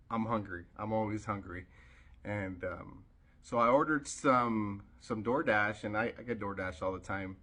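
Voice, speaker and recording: A man telling a personal story in a casual vlog, animated, with many fillers and sudden jumps in pitch when he quotes others. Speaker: vlogger.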